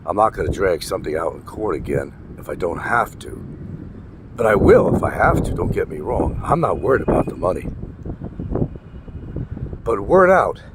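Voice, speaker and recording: A man's voice: low-pitched, very animated, normal speed, long pauses. A man ranting in a casual vlog, blunt and profane, repeating his points for emphasis. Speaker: vlogger. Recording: wind noise and traffic outdoors.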